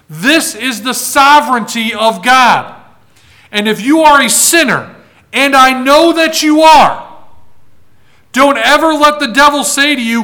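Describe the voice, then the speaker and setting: A man's voice: extremely high pitch, unhurried, pushed and bright. A man preaching a sermon, emphatic, repeating words for weight and reading scripture aloud. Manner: reads scripture aloud in old-fashioned wording. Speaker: pastor.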